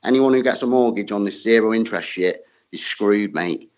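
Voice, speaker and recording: A man's voice: on the low side, normal speed, highs cut off. Heated man saying "mate". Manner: argumentative, keeps adding "mate", heated. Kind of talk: heated argument.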